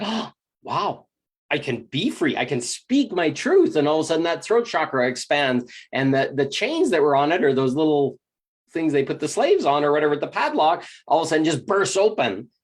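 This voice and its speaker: A spiritual teacher giving a motivational talk, acting out inner voices with gasps and lively swings in tone. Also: medium pitch.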